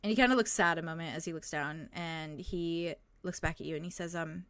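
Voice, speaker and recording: A woman's voice: deep voice, a little fast, dry recording. A woman narrating as game master for a tabletop game, hesitant, with frequent ums and likes. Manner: hesitant, lots of "um" and "like".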